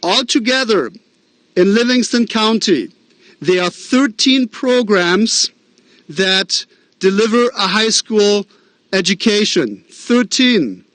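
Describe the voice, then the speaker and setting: A man with a Midwestern American accent delivers a principal's welcoming address at a graduation ceremony. His voice sits notably high, and the recording is dry and close. He talks in an earnest, encouraging way, with fillers and self-deprecating asides. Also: animated, slow, a bit bright, no echo. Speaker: school principal. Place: outdoor drive-in graduation ceremony.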